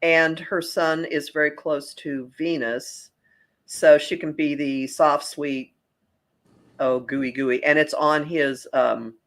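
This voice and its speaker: A woman co-hosting a talk show as an astrologer, giving measured, matter-of-fact commentary. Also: deep voice, fairly even intonation. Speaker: astrologer co-host. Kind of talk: casual chat.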